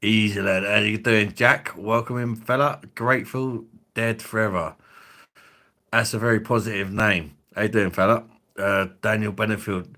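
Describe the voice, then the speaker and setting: A man's voice: fairly low pitch, fairly even intonation, normal speed, sharp tone. A man hosting a casual online livestream, swearing freely and bantering with viewers he greets by name. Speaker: livestream host.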